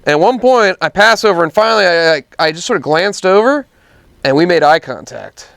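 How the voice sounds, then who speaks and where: A man's voice: sits high, a little fast, smooth, no room sound, clean studio sound. A man telling a work story in casual chat, acting out the people in it. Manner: animated storyteller acting out quotes. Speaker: podcast co-host.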